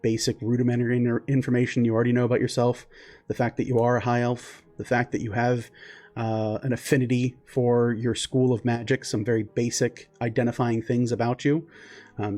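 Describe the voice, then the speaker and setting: A man narrating as game master in a relaxed, loose way with frequent fillers. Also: mid-range voice.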